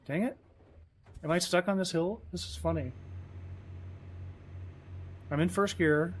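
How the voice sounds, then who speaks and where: A man's voice: high voice, unhurried, slight background noise. A man streaming a truck game, chatting casually and rambling, often chiding himself as he plays. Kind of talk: casual live-stream commentary.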